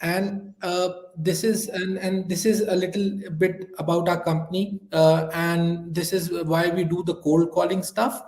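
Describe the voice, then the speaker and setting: A man's voice: high-pitched, level tone, unhurried, hardly any pauses, darkish tone, reverberant, poor audio. A man who is a sales rep, speaking hesitantly with many fillers during a webinar role-play call.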